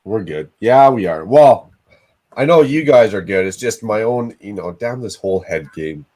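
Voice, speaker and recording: A fairly low, expressive male voice at normal speed with a dark tone, in a rough recording. He hosts a casual livestream, groaning, reproaching himself, and swearing often.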